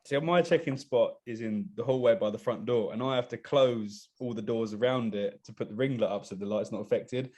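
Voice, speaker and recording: A bodybuilder telling stories on a podcast, acting out what others said to him. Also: male voice, medium pitch, brisk, hardly any pauses. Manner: animated storyteller acting out quotes. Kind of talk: casual podcast storytelling.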